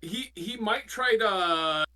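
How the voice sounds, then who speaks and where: A male player in a tabletop game talks out loud, unsure and trailing off. His voice sits a bit high and sounds bright. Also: lively intonation, takes it slowly. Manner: hesitant, trailing off. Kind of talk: casual tabletop game chat.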